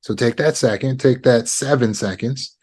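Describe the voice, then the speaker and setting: A man coaching on trauma recovery, teaching negotiation skills in a calm, measured way with deliberate pauses. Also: mid-range voice.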